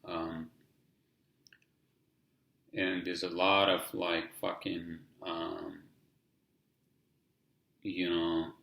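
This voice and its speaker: A man with a heavy accent talks through a casual solo podcast in a low, gravelly voice. He rambles and swears freely and leans on "you know" again and again. The sound is echoey, as if he is in a bare room. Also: little pitch movement, extremely slow, pauses often, pushed and bright. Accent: heavy non-native English accent. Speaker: podcast host.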